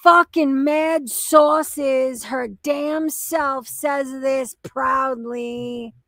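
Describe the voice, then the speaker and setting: A woman's voice: high-pitched, very slow, a bit bright, dry recording. A young woman hosting a reaction commentary video, ranting in a profane, exasperated and mocking way. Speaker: commentary channel host.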